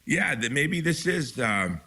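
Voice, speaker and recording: A man's voice: fairly high pitch, big pitch swings, takes it slowly, pushed and bright, husky. A man being interviewed as a guest author, speaking with urgent emphasis and frequent restarts. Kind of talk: impassioned interview talk.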